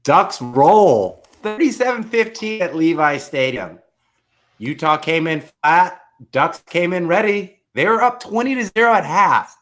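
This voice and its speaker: A middle-aged man co-hosting a casual sports podcast, excitable and teasing. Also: on the high side, a little slow. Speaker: podcast co-host. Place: studio, live stream.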